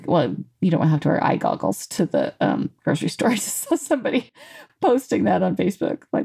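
A woman giving a casual motivational talk in a lively, conversational way, full of "you know" and "like". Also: fairly low pitch, a little fast, creaky, slightly rough. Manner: animated, conversational, acts out quotes; frequent fillers like "you know" and "like". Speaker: self-help speaker.

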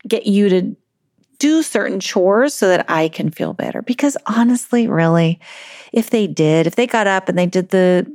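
A woman's voice: medium pitch, expressive, moderate pace, a little mellow, dry recording, studio quality. A woman parenting coach talking in a conversational solo podcast monologue, often laughing and acting out a parent's inner thoughts.

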